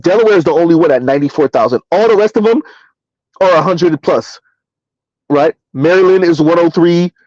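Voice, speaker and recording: A man hosting a casual livestream, reading numbers aloud and answering his chat in a relaxed, chatty way. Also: a little high, a little fast, no echo, muffled recording. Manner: casual, chatty, addresses listeners as y'all. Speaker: livestream host.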